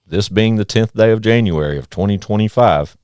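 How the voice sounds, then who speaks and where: A man's voice: on the low side, a little fast, clean tone, dry recording, clean studio sound. A man hosting a casual podcast, hyping things up and swearing freely. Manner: hype, animated, swears freely. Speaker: podcast host.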